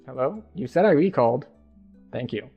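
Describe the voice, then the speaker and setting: A man's voice: mid-range voice, expressive, normal speed, vocal fry, breathy edge, highs cut off, soft background music. A man streaming a game, casually thinking aloud as he plays. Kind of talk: casual gameplay commentary.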